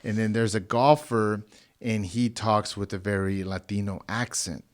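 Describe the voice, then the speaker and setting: A man in a casual podcast chat, asking questions in a halting way with many restarts. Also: fairly low pitch, fairly even intonation.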